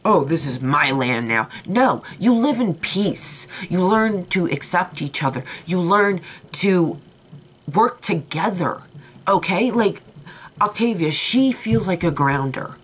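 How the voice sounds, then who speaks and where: A woman's voice: fairly low pitch, animated, slow, breathy edge. A young woman reviewing a TV episode in a vlog, ranting in an impassioned, exasperated way. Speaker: TV show reviewer.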